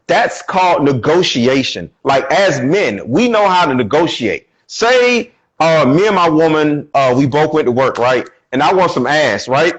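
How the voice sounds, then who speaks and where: A man talking as a relationship coach in a casual conversation, animated and acting out what people say. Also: a little high, a little slow, hardly any pauses, husky, highs cut off. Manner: animated, acts out quoted voices.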